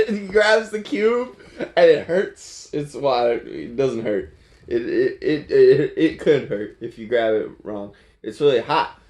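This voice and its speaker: Dude rambling thru a movie recap, laughing a lot, normal mid voice. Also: male voice, mid-range voice, lively intonation, slow, a little mellow. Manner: rambling, playful, laughs often, restarts.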